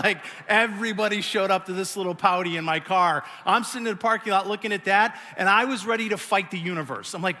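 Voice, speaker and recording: A middle-aged man preaching a sermon, telling stories with animated, self-mocking energy. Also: sits high, fast. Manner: animated storytelling, acting out his own pouting. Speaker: pastor. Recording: long hall reverb.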